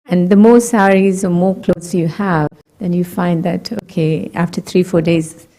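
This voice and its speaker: A woman from India giving a gentle, conversational talk to a group, asking reflective questions and laughing lightly. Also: lowish voice, steady tone, a little slow. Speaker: meditation talk speaker.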